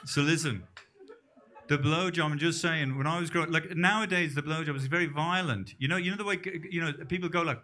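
A man's voice: a little high, fairly quick, bright, forceful tone. A middle-aged Irish man doing a crude, rambling, self-deprecating stand-up set on a club stage. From Ireland. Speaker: stand-up comedian. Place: comedy club stage, live audience. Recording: noisy live club recording.

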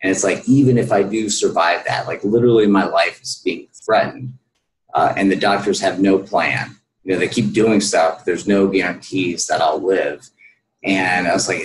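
A man's voice: sits low, steady tone, normal speed, echoey room, poor audio. A man telling his personal story as an interview guest, earnest and full of fillers.

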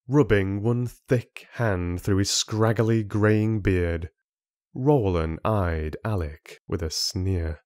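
A man narrating a fantasy audiobook in a measured, deliberate way. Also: low-pitched, a little mellow, no room sound, clean studio sound.

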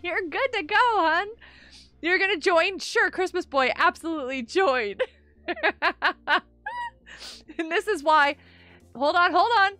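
A woman's voice: extremely high pitch, takes it slowly, pushed and bright. A woman live streamer chatting casually with her viewers, giggling often and reading the chat aloud. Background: faint music.

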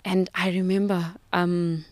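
Low-voiced South African woman telling her story. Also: little pitch movement, unhurried, darkish tone, dry recording. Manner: emotional, reflective, with frequent restarts. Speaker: podcast guest. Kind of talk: personal storytelling in an interview.

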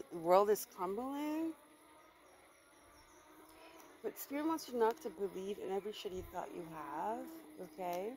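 A woman doing a casual tarot reading for her viewers, speaking bluntly and with emphasis and swearing without hesitation. Her pitch sits in an ordinary middle range. A faint hiss of noise stays under her voice. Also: a little mellow, low-quality recording. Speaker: tarot reader.

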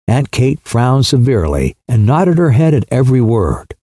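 Mellow-voiced male audiobook narrator. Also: sing-song, moderate pace, few pauses, no room sound, studio quality. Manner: voices characters with pitch shifts.

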